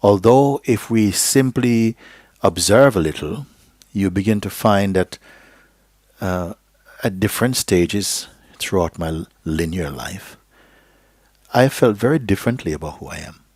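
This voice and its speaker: A very low, husky male voice giving a live spiritual teaching to an audience. He talks slowly and gently, sometimes sinking into a soft whisper. The sound is dry and close, with little room around it. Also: dry recording. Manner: slow, gentle, drifting into a soft whisper at times; checks in with listeners with "okay?" and "you see?". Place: live gathering hall.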